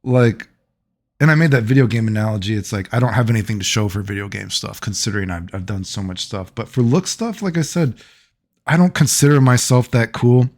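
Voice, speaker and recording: This man vlogs personal stories in a loose, rambling, casual way, peppered with fillers and frequent laughter. His pitch is fairly low and his pace brisk.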